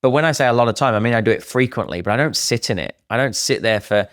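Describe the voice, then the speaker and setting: A middle-aged man co-hosting a casual podcast, talking in an animated way and acting out what other people say. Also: medium pitch, fast, dry recording, clean studio sound. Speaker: podcast co-host.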